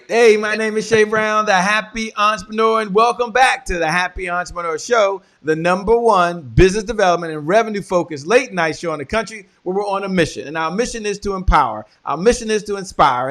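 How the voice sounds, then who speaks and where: A man's voice: high-pitched, a bit bright. A man hosting a business talk show, introducing the segment with upbeat energy. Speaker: show host.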